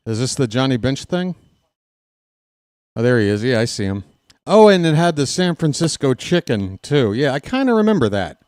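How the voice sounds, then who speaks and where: A man's voice: medium pitch, very animated, moderate pace, a little mellow, no room sound, studio quality. A man hosting a casual live-stream watch-along, chatty and joking, reading chat aloud, out of breath.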